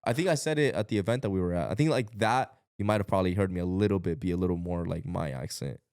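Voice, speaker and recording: A man from Ecuador co-hosting a podcast, talking fast in a rambling, animated way with plenty of slang. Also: low-pitched, creaky, no echo, clean studio sound. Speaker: podcast co-host. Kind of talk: casual podcast chat.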